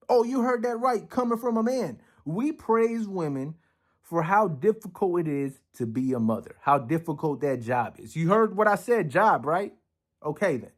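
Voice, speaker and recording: Blunt, profane man reacting to a clip. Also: sits high. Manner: acts out other people's lines in quoted voices. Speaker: commentator reacting to a video. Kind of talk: casual reaction commentary.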